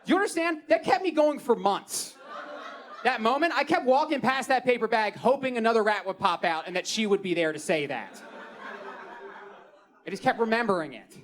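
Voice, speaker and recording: A young man with a Baltimore accent performs stand-up comedy. His voice sits high for a man and swings widely up and down as he spins animated, playful stories. He delivers the set from a comedy club stage. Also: moderate pace. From Baltimore, Maryland.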